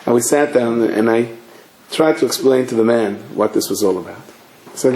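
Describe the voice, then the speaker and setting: A man, a rabbi, giving a sermon with animated storytelling and acted-out dialogue. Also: medium pitch, normal speed. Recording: echoey room, faint ambience.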